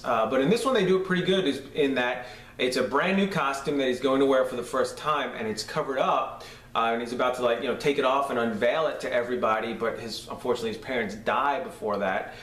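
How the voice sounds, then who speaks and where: A man's voice: medium pitch, fast talker, a bit bright, recorded from a distance. A man with a New York accent casually reviewing a cartoon episode on a podcast, enthusiastic and rambling with lots of fillers. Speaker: podcast host. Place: room shared with a co-host. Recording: roomy echo, off-mic, faint noise.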